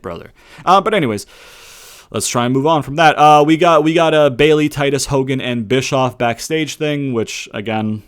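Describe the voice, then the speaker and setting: A young man ranting about a show in a casual, heated review, swearing often and throwing in rhetorical questions. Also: fairly high pitch. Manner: profane, heated ranting with frequent "brother" and "right?". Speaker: wrestling reviewer.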